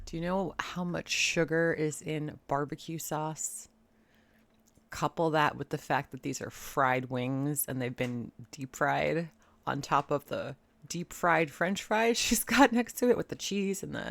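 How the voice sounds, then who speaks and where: A woman with a low voice talks over a clip, mocking and sarcastic in a casual commentary style. Her voice has a gravelly, creaky edge. The recording is dry and close, with no room sound. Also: measured pace, no echo. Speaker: commentary YouTuber reacting to a clip.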